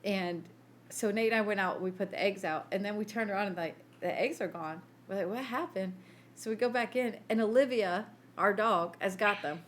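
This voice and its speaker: Animated woman telling a funny story. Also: medium pitch, moderate pace, slight background noise. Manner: animated storyteller, laughs often, acts out quotes. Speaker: podcast co-host. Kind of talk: casual chat.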